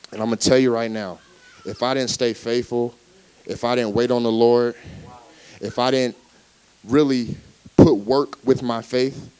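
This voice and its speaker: A young man gives his testimony to a church congregation in a mid-pitched voice. He mixes casual, conversational asides with chuckles, then hammers short phrases over and over. Those phrases grow louder as he drives a point home. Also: low-quality recording. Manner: emphatic, repeats key phrases, builds to loud exclamations. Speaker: guest speaker at a church service. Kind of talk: preached personal testimony. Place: church service before a live congregation.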